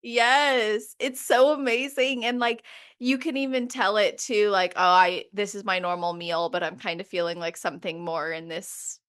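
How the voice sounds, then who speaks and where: A woman hosting a podcast interview, upbeat and animated, talking quickly with lots of "like". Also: mid-range voice. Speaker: podcast host. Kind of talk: casual interview chat.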